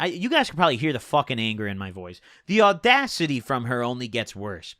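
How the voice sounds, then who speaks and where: A man spinning a story for his video, animated and swearing freely, with a lively voice that swings up and down. His tone is bright and fairly high, and the sound is close and dry. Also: a little fast, hardly any pauses, no room sound. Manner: profane, animated, lots of filler "like" and "dude". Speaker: YouTuber. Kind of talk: storytelling vlog.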